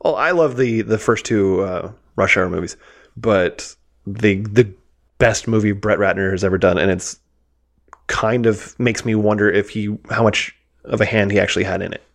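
A man's voice: on the low side, moderate pace. A man co-hosting a podcast, chatting loosely about a film and laughing easily. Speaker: podcast co-host. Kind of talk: casual movie discussion.

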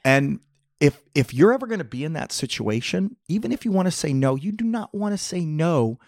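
A man in his fifties, a schoolteacher co-hosting a casual comedy podcast, telling stories with lively acted-out quotes. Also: on the high side, fairly quick, gravelly, dry recording, studio quality. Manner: animated storyteller, acts out quoted voices. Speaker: podcast co-host.

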